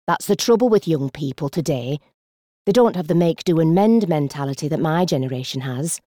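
A woman voicing a chatty, self-satisfied elderly customer who speaks sagely and slowly. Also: low voice, lively intonation, warm tone, dry recording, studio quality. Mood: prim. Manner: sage, self-satisfied, slow.

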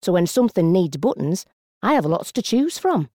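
A woman voicing a chatty, self-satisfied elderly customer who speaks sagely and slowly. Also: fairly low pitch, big pitch swings, mellow, no room sound, studio quality. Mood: prim. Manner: sage, self-satisfied, slow.

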